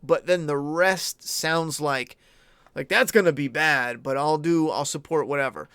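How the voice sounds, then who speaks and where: A man's voice: fairly high pitch, measured pace, a bit bright, smooth, no echo. A young man streaming live, chatting casually with viewers in a rambling, candid way and swearing freely. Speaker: YouTube streamer. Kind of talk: casual livestream chat.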